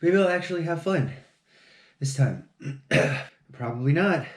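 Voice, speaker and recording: A man's voice: a little high, expressive, unhurried. A man vlogging on his own, mumbling to himself and mocking himself, with plenty of swearing. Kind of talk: casual solo vlog talking to camera while building. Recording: echoey room.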